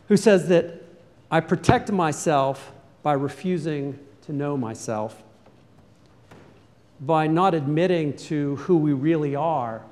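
A man's voice: on the high side, darkish tone, big-room sound. A man preaching a sermon in a church, earnest and questioning, building up to urgent calls to act. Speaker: pastor.

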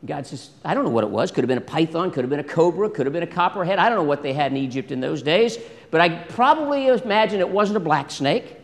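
A man preaching a sermon in a lively way, acting out scripture dialogue and asking the congregation questions. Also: fairly high pitch, fast talker. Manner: animated, acts out biblical dialogue, asks congregation questions. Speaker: pastor. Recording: long hall reverb.

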